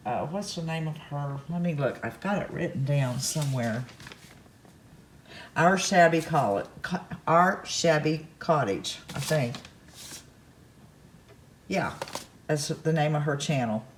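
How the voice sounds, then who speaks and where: A woman's voice: low voice, animated, takes it slowly, pauses often, slight background noise. Chatty country crafts woman in her kitchen. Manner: chatty and rambling, with folksy asides. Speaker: crafts vlogger host. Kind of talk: casual chat to camera. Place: home kitchen.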